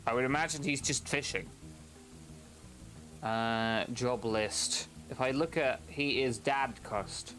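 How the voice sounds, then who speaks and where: A man's voice: mid-range voice, slow, a bit bright, soft background music. A young man casually commenting on a game during a live stream, exasperated with the characters, swearing and laughing often.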